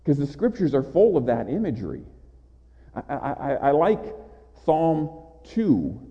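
A male preacher giving an impassioned sermon, his voice a touch higher than most men's. He stumbles into repeated restarts as he presses his points. The sound is muffled and rings with the long reverb of a big hall. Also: sing-song, a little slow.

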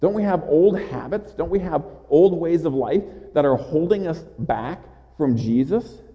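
A man's voice: fairly high pitch, expressive, measured pace. Man preaching in a reverberant hall. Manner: earnest, with small stammered restarts and rhetorical questions. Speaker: pastor. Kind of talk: sermon. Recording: dull audio with long hall reverb.

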